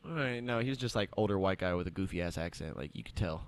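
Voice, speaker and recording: A young man in casual chat, telling an animated story and acting out the voices of the people in it. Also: low-pitched, fast talker. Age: young adult. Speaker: podcast co-host.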